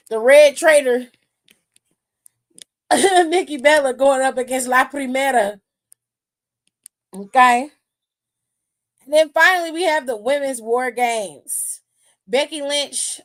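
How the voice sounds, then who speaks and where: A woman hosting a wrestling aftershow stream, talking in a sassy, profane, casual way and laughing often. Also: fairly high pitch.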